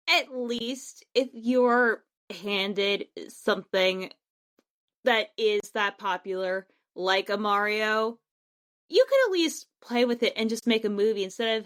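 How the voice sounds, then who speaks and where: A woman co-hosting a casual pop culture podcast, animated and exasperated. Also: mid-range voice, a little slow. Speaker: podcast co-host.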